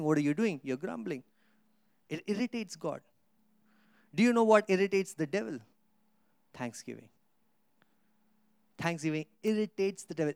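Pastor preaching with soaring emphasis. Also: male voice, no echo, studio quality. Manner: preaching with rhetorical questions to the congregation; swings from soft low asides to loud emphatic Scripture reading. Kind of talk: sermon.

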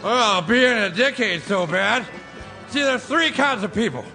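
A man's voice: high voice, lively intonation, unhurried, sharp tone, exaggerated voice. An actor playing a blunt, crude male barfly in a film clip, over faint music. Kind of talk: film dialogue.

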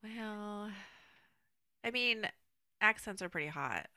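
A woman co-hosting a podcast in casual chat, laughing often and dropping into soft asides. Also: mid-range voice, lively intonation, slow pace, no room sound, studio quality. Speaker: podcast co-host.

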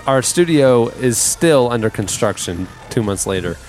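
A man's voice: medium pitch, animated, measured pace, darkish tone, soft background music. A man hosting a podcast, chatting casually and running through news and upcoming releases. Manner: chatty, self-deprecating, reads release news. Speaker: podcast host.

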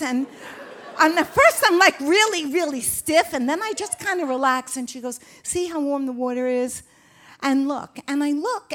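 A woman, telling a personal story on stage in a vivid, expressive way. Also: high-pitched.

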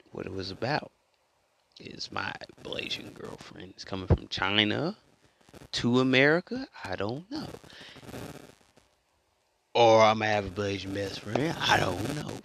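A man's voice: fairly low pitch, lively intonation, slow pace, creaky, pauses often, bright, forceful tone, a little hiss or hum. A man telling a story in a casual monologue, rambling and repeating himself as he goes. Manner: rambling and repetitive, restarts a lot. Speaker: vlogger.

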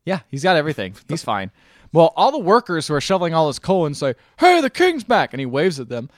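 A man's voice: fairly high pitch, big pitch swings, fast, no echo. Dry, close man recapping a movie. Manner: retells plot, acting out characters' lines. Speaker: podcast host.

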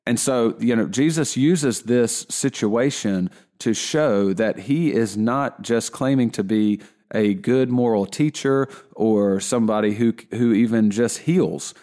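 A man giving a relaxed Bible lesson in a conversational way, often restarting his sentences. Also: mid-range voice, unhurried. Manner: conversational, with frequent restarts and fillers. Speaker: Bible teacher.

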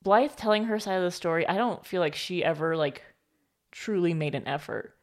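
Lowish-voiced woman rambling with "like". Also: a little fast. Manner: rambling, heavy on filler "like". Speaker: podcast co-host. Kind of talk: casual book discussion.

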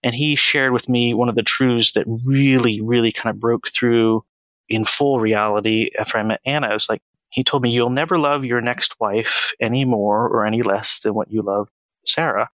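A man in his thirties, a financial planner as podcast guest, speaking in an earnest, measured and reflective way. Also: mid-range voice, fairly even intonation, fairly bright tone, no echo, rough recording. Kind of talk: conversational interview.

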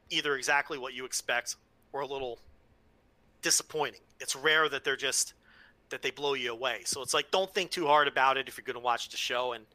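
Bright-voiced man, dry close sound. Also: mid-range voice, no echo. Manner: opinionated, wry teasing. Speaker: podcast co-host. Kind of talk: casual wrestling chat.

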